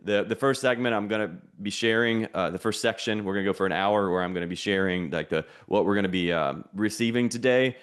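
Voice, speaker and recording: A man's voice: on the low side, a little fast, few pauses, clear, resonant tone. A man hosting an online challenge, teaching in a preachy, repetitive way with call-and-response lines. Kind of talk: motivational teaching.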